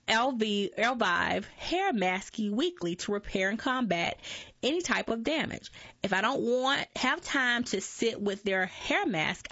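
A woman reading magazine articles aloud at an unhurried pace, often stumbling over words and correcting herself. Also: mid-range voice, bright, forceful tone, no echo. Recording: dull lo-fi dry recording.

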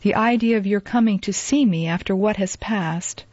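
Woman doing sick sad older guy, murmury and husky, dull dry lo-fi sound. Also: medium pitch, moderate pace, a little mellow, no echo, lightly acted. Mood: weary. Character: ailing middle-aged man, sad and forgiving.

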